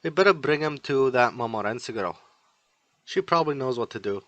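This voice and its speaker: A male talking sword who explains in a blunt, matter-of-fact way, as a male reader puts it on. The voice sits mid-pitched. The sound is dry and close. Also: lively intonation, brisk, a bit bright, dry recording, lo-fi sound, close to an everyday voice. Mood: explaining.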